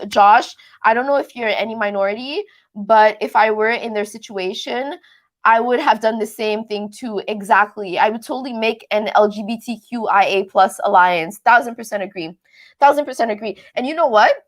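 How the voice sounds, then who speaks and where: Young quebec woman chatting on a livestream, french-canadian accent, animated and repeats herself a lot. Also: medium pitch. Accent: Quebecois French-Canadian mix. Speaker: recap show host reading live chat. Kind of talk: casual livestream chat.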